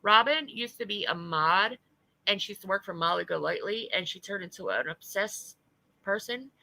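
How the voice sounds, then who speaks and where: A woman's voice: medium pitch, expressive, normal speed, creaky, sharp tone, no echo, rough recording. A woman hosting a livestream, talking in blunt, profane, casual chat. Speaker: livestream host.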